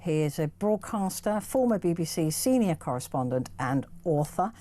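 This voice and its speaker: A woman's voice: fairly low pitch, animated, normal speed, mellow. A woman hosting a talk radio phone-in, chatty and effusive with her callers. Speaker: radio host.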